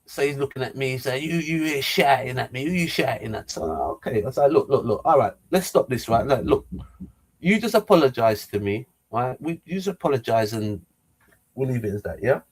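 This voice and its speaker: Excitable man telling a story. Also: mid-range voice, a little fast, husky. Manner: excitable, repeats words, acts out quotes. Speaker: vlogger. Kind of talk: animated storytelling.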